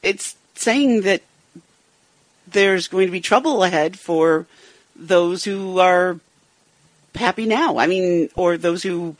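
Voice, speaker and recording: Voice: medium pitch, slow pace, pauses often, no echo. A participant in a Bible study who reads verses and talks them over earnestly, searching for words. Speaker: scripture reader in a Bible study.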